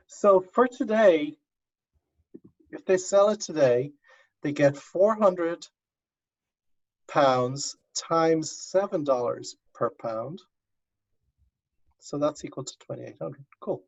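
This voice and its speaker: A man's voice: a little high, slow, gravelly, pauses often. A male university professor teaching an online class, coaxing students step by step over a video call. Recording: dull lo-fi video call audio.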